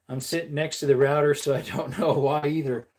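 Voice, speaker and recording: Her voice is low and somewhat dark. She chats casually on a livestream while reloading ammunition, playful and laughing often, and sometimes slips into silly voices.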